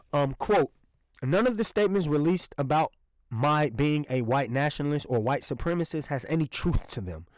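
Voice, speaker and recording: Young male podcast host, profane and sarcastic rant, very lively swings in pitch, dry close sound. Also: no room sound, rough recording. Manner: indignant, sarcastic, profane, laughs while ranting. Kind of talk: ranting solo podcast commentary.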